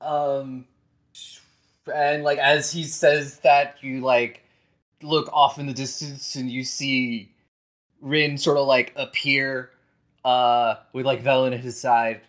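A game master narrating a tabletop role-playing game. The speech is slow and soft, full of ums and restarts. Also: mid-range voice, level tone, poor audio. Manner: soft-spoken, hesitant with many fillers.

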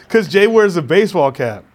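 A man's voice: high voice, big pitch swings, unhurried. A man chatting casually as a podcast co-host, laid-back, laughing often and swearing now and then. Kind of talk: casual chat.

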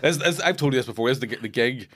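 A Northern Irish man, a comedian, telling sweary stage stories in an animated podcast chat. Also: mid-range voice, fast.

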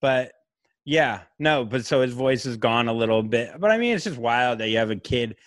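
A man's voice: mid-range voice, animated, normal speed, a bit bright, no echo, clean studio sound. A man hosting a podcast in casual chat, joking crudely and slipping into silly mock voices. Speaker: podcast host. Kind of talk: casual chat over a video call. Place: remote location on weak Wi-Fi.

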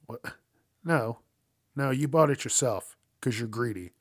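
A man's voice: mid-range voice, animated, takes it slowly, husky, no echo, clean studio sound. A man hosting a casual news commentary show, swearing often and ranting with frequent laughs. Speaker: host.

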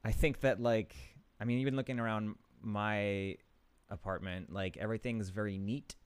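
Young guy hosting a chill interview, smooth low voice, jokes on the side, dry sound. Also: normal speed, no echo. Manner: relaxed, jokey asides. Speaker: podcast host. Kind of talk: casual interview chat.

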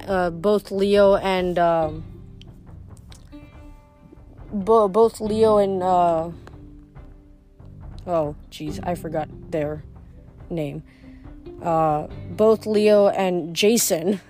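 A woman reading a novel aloud and chatting about it, often stumbling and correcting herself. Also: medium pitch. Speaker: book reader.

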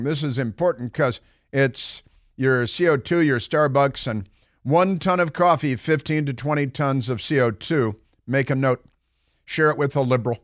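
A man's voice: medium pitch, no room sound. A middle-aged man hosting a talk radio show, delivering a sarcastic, mocking monologue in a studio. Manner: sarcastic, mocking, animated storytelling. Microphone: studio microphone.

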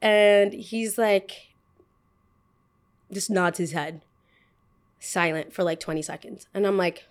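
A woman in her twenties, a podcast host telling a story in a casual, animated way, full of "like" and "I was like.". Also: mid-range voice, takes it slowly, pauses often, smooth. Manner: animated, fills speech with "like" and "I was like".

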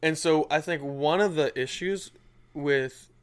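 A young man in his twenties, co-hosting a casual faith podcast, chatting and telling animated stories with many fillers. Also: on the high side, measured pace, smooth. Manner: animated storytelling with lots of filler. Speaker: podcast co-host. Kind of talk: casual chat.

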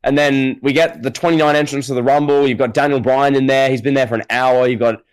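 A man's voice: mid-range voice, steady tone, fast, clear, resonant tone, rough recording. A man co-hosting a podcast, spinning an over-the-top story in casual, hyperbolic chat. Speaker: podcast co-host.

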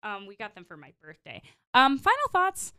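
A woman's voice: high voice, wildly swooping pitch, normal speed, pushed and bright, smooth. A woman guest on a casual podcast, giggling often and acting out quotes as she tells a story.

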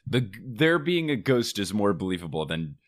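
Wildly expressive jokey man. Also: lowish voice, normal speed. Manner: incredulous, jokey reactions. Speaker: podcast co-host. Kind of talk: casual comedic banter.

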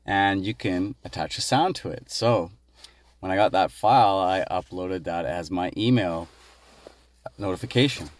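A man from Canada calling in to tell a casual, animated story about his workplace. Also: low-pitched, moderate pace, dry recording. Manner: animated, laughs while telling. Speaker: caller leaving a voice message.

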